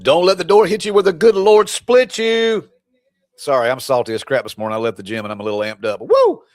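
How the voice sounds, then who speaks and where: Talking fast in a slightly high, steady voice with no room sound, a divorce coach rallies his live stream viewers. His pep talk is blunt, preachy and fired up, and he teases the audience as he goes.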